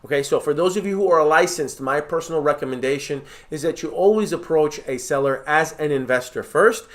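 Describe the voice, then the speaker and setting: A man coaching his audience with direct, emphatic advice, his voice sitting a little high. He keeps checking in with a quick "right?" or "okay?" as he lays out each step. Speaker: real estate mentor. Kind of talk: coaching talk to camera.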